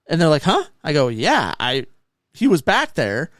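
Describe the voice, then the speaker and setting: A man's voice: fairly high pitch, normal speed, dry recording, studio quality. A man co-hosting a casual podcast, telling stories and acting out the people in them. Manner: animated anecdotes acting out quoted people. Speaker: podcast co-host. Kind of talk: casual chat, storytelling.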